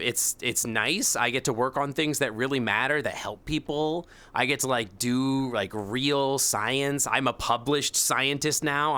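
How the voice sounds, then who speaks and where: Bright-voiced young man chatting. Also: mid-range voice. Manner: animated storytelling, mimics coworkers. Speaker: streamer. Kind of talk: casual chat with chat readers.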